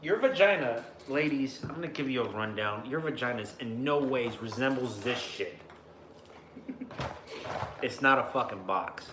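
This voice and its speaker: A man's voice: mid-range voice, animated, moderate pace. A young man co-hosting a podcast, joking crudely in casual banter. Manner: crude, joking, slips into put-on voices. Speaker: podcast co-host. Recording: echoey room, faint background hum.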